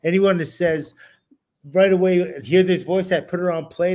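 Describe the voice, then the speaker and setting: A man's voice: sits high, steady tone, moderate pace, darkish tone. A man co-hosting a podcast, pushing back on his partner in casual debate and laughing easily. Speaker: podcast co-host.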